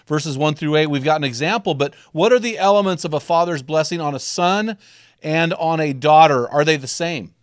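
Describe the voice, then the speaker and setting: Male interviewer, higher pitch, dry room, calm measured questioning. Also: dry recording. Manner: reads from guest's book, asks measured questions. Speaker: host.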